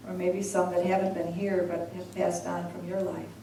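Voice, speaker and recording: A woman's voice: lowish voice, flat delivery, vocal fry, crowd noise. Woman minister chanting in echoey hall. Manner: slow measured chanting, then soft conversational speaking. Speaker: minister leading a service. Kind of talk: call-and-response sutra chanting and sermon. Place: large hall with a congregation. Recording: echoey hall, voice from far off, congregation audible.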